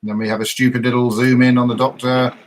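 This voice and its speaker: A man's voice: mid-range voice, flat delivery, fast, slight background noise. A man hosting a casual live podcast, recapping an episode in a meandering way with frequent hesitations. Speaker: podcast host.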